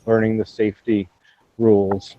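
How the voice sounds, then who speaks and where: A man in casual gaming voice chat, speaking in a measured, explanatory way with some teasing. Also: lowish voice, flat delivery, dark tone, muffled recording, slight background noise. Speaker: gaming lobby player.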